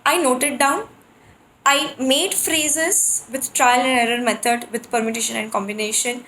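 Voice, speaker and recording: A woman teaching percussion, explaining how to compose rhythm phrases and reciting drum syllables in quick rhythmic bursts. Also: sits high, fairly even intonation, pushed and bright, a little hiss or hum. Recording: echoey room.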